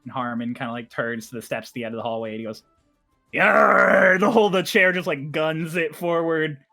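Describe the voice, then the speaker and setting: Guy running a tabletop game, bright voice, lively, faint music behind. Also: a little high, fast talker. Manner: animated, laughing narration. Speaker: game master.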